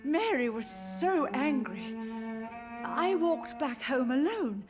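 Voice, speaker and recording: A woman's voice: high-pitched, expressive, slow pace. An actress voicing a frail elderly mother in a video game, grieving and confused, speaking in a wistful, drifting way. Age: older. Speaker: game character. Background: soft game music.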